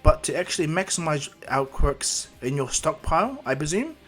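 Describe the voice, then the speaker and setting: A man's voice: a little high, sing-song, fairly bright tone. A man voicing a polite, clever school principal who reasons things out. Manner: polite, measured, knowing.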